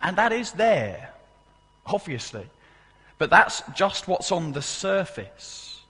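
Emphatic preacher in a reverberant hall. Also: male voice, high-pitched, very animated, takes it slowly, sharp tone, husky. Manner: emphatic, repeats key phrases, asks the congregation questions. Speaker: pastor. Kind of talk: sermon. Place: church service.

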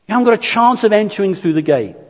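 Man, preacher, high voice, earnest, church hall reverb. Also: very animated, darkish tone. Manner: earnest, deliberate, illustrative. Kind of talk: sermon.

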